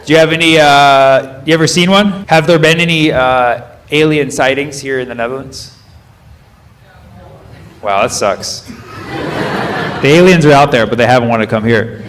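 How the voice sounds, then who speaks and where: A comedian on a comedy club stage quizzes his audience and corrects himself mid-sentence during live crowd work. He speaks at a moderate pace in a mid-range voice, pausing often. Laughter and murmur create background noise.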